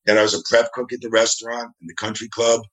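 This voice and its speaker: He speaks fast in a mid-range voice with a level, slightly bright tone. A wrestling referee from New Jersey, USA, he's a guest telling anecdotes that wander from his home over video, acting out the voices of those he quotes in a relaxed interview.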